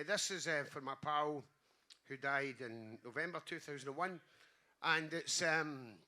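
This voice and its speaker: A man's voice: a little high, bright, forceful tone. A Scottish man performing his poems on a small stage, earnest and sweary in his asides to the audience. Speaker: poet. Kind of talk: live spoken-word performance. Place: small live venue stage.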